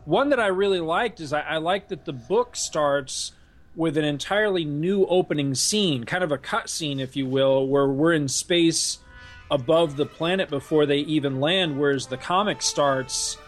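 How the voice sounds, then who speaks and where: Animated man chatting, higher voice. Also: moderate pace, faint music behind. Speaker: podcast co-host. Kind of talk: casual chat.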